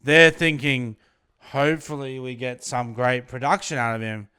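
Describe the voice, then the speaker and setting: A man's voice: medium pitch, fairly even intonation, moderate pace, bright, forceful tone, clear, resonant tone, no room sound, clean studio sound. A man, co-hosting a casual chat in a jokey, chatty way with loose fillers. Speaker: podcast co-host.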